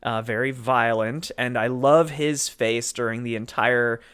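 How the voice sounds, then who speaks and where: A man's voice: medium pitch, fairly even intonation, unhurried, fairly bright tone, clear, resonant tone. A man co-hosting a podcast, chatting casually about a film, laughing often and recapping details. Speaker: podcast co-host. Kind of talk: casual chat.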